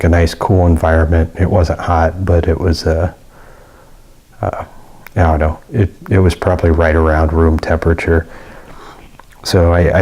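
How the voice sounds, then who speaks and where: A man's voice: sits low, a little mellow. A man giving a casual, rambling product review with many fillers and restarts. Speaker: gear reviewer.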